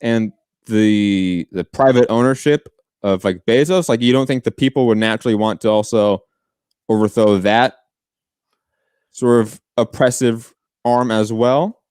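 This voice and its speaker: A man's voice: on the low side, measured pace, a little mellow, smooth, no echo, clean studio sound. A man co-hosting a political podcast debate, pressing his opponent with long probing questions. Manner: probing, pushes back with questions. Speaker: podcast co-host.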